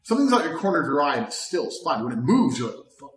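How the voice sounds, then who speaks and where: A man in his thirties giving a blunt, profane motivational talk, swinging between loud bravado and low calm. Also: racing, faint music behind. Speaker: motivational speaker. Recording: roomy sound from a distant mic.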